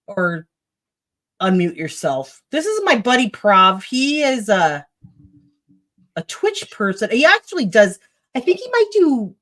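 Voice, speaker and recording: A woman's voice: mid-range voice, fairly bright tone. A woman hosting a casual livestream chat, talking loosely and offhand with guests and laughing easily. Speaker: livestream host.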